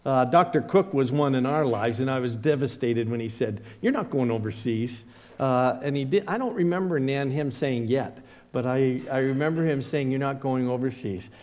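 A man's voice: medium pitch, moderate pace, a little mellow. Male pastor telling stories in a hall. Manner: storytelling, acts out quoted voices. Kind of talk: sermon with personal stories.

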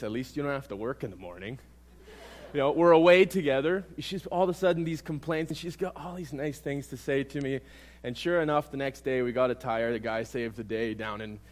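A young man preaches by telling a story on himself. His telling is animated and self-mocking, and his voice sits at an ordinary middle pitch. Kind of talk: sermon told as a personal story.

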